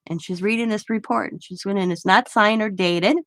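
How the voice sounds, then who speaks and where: A woman's voice: medium pitch, fairly even intonation, brisk, hardly any pauses, no echo. A woman hosting a craft channel, chatting casually in a blunt, opinionated way and swearing freely. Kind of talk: casual chat while crafting.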